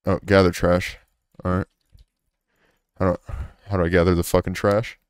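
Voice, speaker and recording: A man's voice: sits low, little pitch movement, normal speed, clear, resonant tone, no echo. A man commentating a horror game he is playing, cursing often, joking and easily startled. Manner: profane, jumpy and joking. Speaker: gaming YouTuber.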